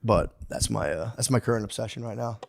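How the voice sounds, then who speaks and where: A man's voice: fairly low pitch, lively intonation, fairly quick, creaky. Rambling profane podcast guy. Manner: loose, profane, slips into goofy quoted voices. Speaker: podcast co-host. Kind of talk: casual chat.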